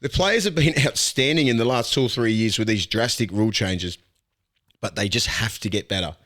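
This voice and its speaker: A man with an Australian accent, a podcast host and former rugby league player, talking sport in a blunt, animated way and swearing freely. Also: fairly low pitch, brisk. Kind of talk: casual sports chat.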